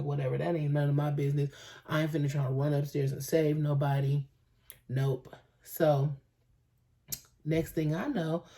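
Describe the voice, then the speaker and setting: Low, mellow-voiced woman spilling gossip. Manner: animated gossipy storytelling, acts out quotes. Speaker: beauty vlogger. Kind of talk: casual storytime chat. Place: home, indoors.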